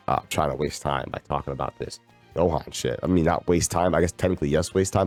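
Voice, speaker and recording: Young male game streamer, low voice, slangy and exasperated, rambling over loud game music. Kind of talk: casual rant while gaming. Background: video game music.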